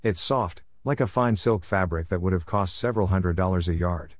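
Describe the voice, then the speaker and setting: A man's voice: sits low, normal speed, dry recording, clean studio sound. A man voicing a confused, groggy young woman who has just died, talking in a bewildered, protesting way.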